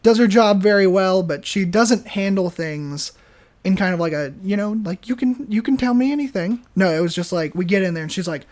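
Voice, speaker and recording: A young adult man co-hosting a podcast, telling a story in an animated, casual way full of fillers and restarts. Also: high voice, moderate pace. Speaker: podcast co-host.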